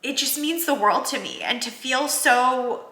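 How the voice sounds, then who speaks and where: A woman's voice: sits high, a little slow, pushed and bright. A woman in her thirties from New Jersey, vlogging to camera, tearful and rambling with restarts and fillers. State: tearful, crying. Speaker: vlogger, working mom. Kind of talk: casual vlog talk to camera. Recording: roomy echoey room sound.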